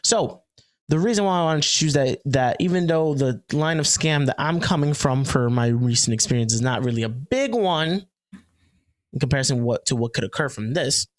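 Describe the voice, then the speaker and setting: A man's voice: mid-range voice, expressive, normal speed, no room sound, clean studio sound. A man co-hosting a podcast in a casual, chatty way, joking around and using plenty of fillers and restarts. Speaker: podcast co-host. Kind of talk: casual chat.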